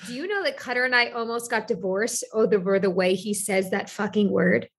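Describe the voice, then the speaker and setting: A woman chatting casually as a podcast guest, telling stories in an animated, exclaiming way from a hotel room. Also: medium pitch, normal speed. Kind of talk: casual chat.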